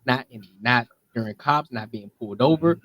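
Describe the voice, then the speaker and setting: A man's voice: mid-range voice, moderate pace, fairly bright tone, dry recording, low-quality recording. A man in his thirties co-hosting a casual podcast, speaking emphatically and acting out his run-ins with the police. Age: 30s. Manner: emphatic, plain-spoken, acts out cop exchanges. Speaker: podcast co-host. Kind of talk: casual chat.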